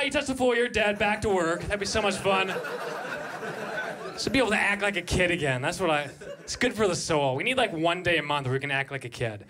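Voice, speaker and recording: A man in his thirties doing a stand-up comedy set on a club stage, breaking into shouted high voices for his bits.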